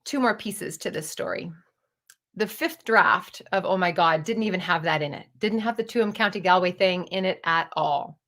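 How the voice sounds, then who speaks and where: A woman's voice: lowish voice, moderate pace, a bit bright. Candid fifty-something woman telling stories. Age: 50s. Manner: candid, digressive, swears casually. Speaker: storyteller and playwright. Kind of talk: personal storytelling monologue.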